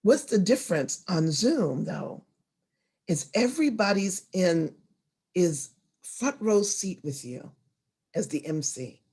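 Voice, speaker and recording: A woman presenting an online storytelling workshop over a video call, expressive and animated, moving from hushed asides to loud emphasis. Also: fairly low pitch, slow, breathy edge.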